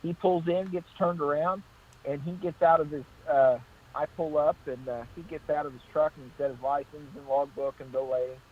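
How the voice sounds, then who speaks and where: Brief: male trooper guest, fairly high voice, story-driven chat, dull lo-fi line. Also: fairly even intonation, a little fast. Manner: anecdotal, repeats "I said" in acted-out exchanges. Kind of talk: casual call-in storytelling.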